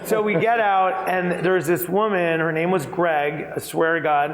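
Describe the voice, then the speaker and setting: A man with a fairly high voice talks as an on-stage keynote guest. He tells his stories chattily and with animation, circling back with fillers and laughing along the way. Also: steady tone, unhurried, a crowd in the background, low-quality recording. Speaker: keynote speaker, interior designer. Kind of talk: conversational storytelling on stage.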